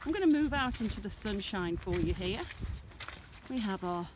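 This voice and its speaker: A woman gives viewers a casual walking tour of her smallholding, filming herself outdoors in a farm field on a handheld camera. She chats in a meandering way and dotes on her animals, speaking at normal speed in an expressive, mid-range voice over background noise.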